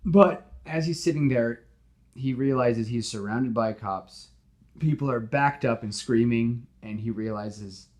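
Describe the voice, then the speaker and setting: A man hosting a podcast, telling a story in casual, animated chat with lots of fillers. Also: medium pitch, moderate pace. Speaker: podcast host pitching a story.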